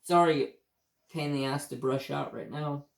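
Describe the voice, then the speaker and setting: A man's voice: a little high, fairly even intonation, normal speed, vocal fry, roomy sound. A man with an American accent hosting a casual livestream chat, rambling and swearing as he tells stories, with hiccups. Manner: rambling, profane, easygoing storytelling. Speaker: craft channel host.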